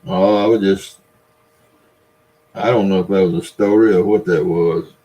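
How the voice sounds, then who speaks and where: A man's voice: low-pitched, fairly even intonation, moderate pace, warm tone, rough recording. Older Southern man, folksy and rambling. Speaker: livestream host. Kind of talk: casual livestream chat, reading viewer comments.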